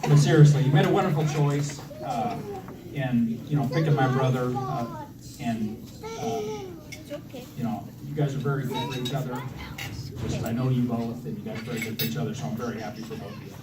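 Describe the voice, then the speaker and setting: In a mid-range voice with fairly even intonation, a man in his thirties speaks fairly quickly while toasting his brother's wedding, poking fun at himself through many fillers and restarts. It's very noisy, recorded far off in an echoey reception hall with a loud crowd.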